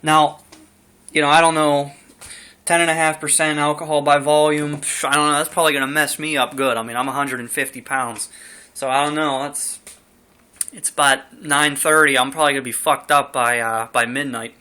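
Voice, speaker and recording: Bright-voiced rambling young guy. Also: a little high, level tone, moderate pace, clear, resonant tone. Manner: rambling, chatty, lots of fillers. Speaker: beer reviewer. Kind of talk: casual home video review.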